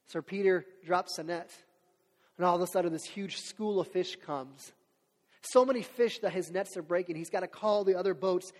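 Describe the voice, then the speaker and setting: Male pastor, high voice, chatty animated sermon, long hall reverb. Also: moderate pace. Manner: conversational, animated storytelling.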